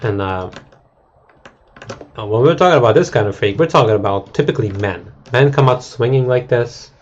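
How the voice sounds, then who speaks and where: A man's voice: mid-range voice, expressive, normal speed, muffled recording, slight background noise. A male game streamer in a casual, crude and rambling rant to his chat, mocking and full of fillers.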